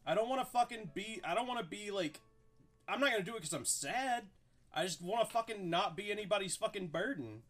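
A man's voice: sits high, animated, brisk, fairly bright tone, soft background music. A young man hosting a casual podcast chat, rambling and profane, with lots of "like". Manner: rambling, profane, heavy filler "like". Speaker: host.

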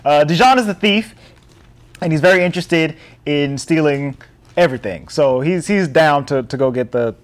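A man's voice: a little high, normal speed. A man hosting a podcast, recapping a film plot in casual chat and laughing often. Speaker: podcast host.

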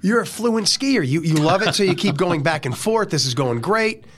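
A man's voice: high-pitched, lively intonation, moderate pace. An American man hosting an interview, playful and teasing with his guest. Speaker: host. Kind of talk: casual interview chat.

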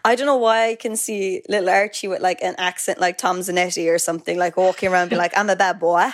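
A woman's voice: fairly low pitch, little pitch movement, quick pace. Chatty woman co-hosting a podcast. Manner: chatty, lots of fillers and asides. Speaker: podcast co-host. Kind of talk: casual chat.

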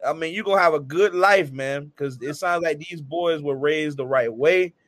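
Earnest higher-voiced male host. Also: normal speed, a bit bright, no room sound. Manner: earnest, praising, slangy. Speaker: podcast host. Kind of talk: casual interview chat.

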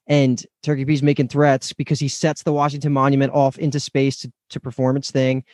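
A man's voice: medium pitch, monotone, fairly quick, darkish tone, dry recording, studio quality. A man co-hosting a podcast, enthusiastically recapping a cartoon episode in casual chat. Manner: laughing, enthusiastic storyteller. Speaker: podcast co-host.

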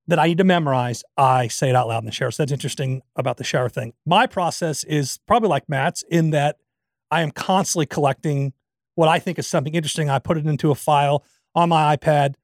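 A man's voice: fairly high pitch, fast, no echo, studio quality. A man co-hosting a podcast in a joking, self-mocking casual chat. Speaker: podcast co-host.

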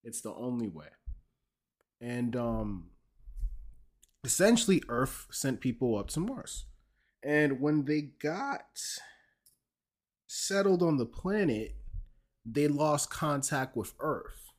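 A man's voice: medium pitch, sing-song, takes it slowly, pauses often. A man hosting a podcast, casually explaining a video game's story and joking with his co-host. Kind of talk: casual chat.

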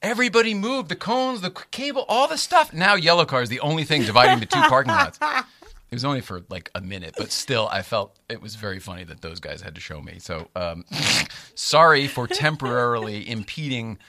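Animated man telling a story, bright voice. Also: mid-range voice, a little fast, no room sound. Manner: animated, laughs often, acts out voices in quotes. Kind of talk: casual storytelling chat.

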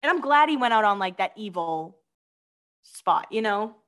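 A woman's voice: medium pitch, animated, normal speed, a bit bright. A young adult woman co-hosting a casual podcast, chatty and giggly, reading out gossip items. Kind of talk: casual chat.

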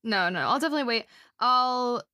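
Young female co-host, bright, excitable, dry close sound. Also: fairly high pitch, a little fast, no echo. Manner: excitable, joking, swears. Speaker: podcast co-host. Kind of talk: casual chat.

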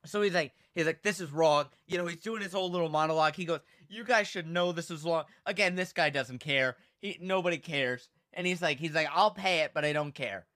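A high-pitched man with a bright, sharp voice, chatting on a podcast. He tells stories with animation and slips into voices for the people in them. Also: brisk, hardly any pauses. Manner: animated storytelling, acts out quoted people. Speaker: podcast co-host. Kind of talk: casual podcast chat.

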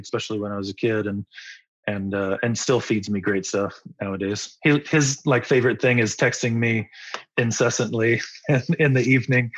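A man in his forties talks about music in a loose, rambling and enthusiastic way as an interview guest. His voice sits at a middle pitch. The recording sounds dull and lo-fi, with a close, dry tone. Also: fairly bright tone, dry recording. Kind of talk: casual interview.

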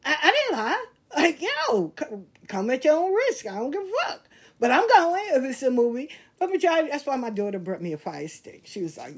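An older woman tells casual, animated stories, blunt, profane and laughing at herself. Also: high voice, fairly quick. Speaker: host. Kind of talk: casual storytelling monologue.

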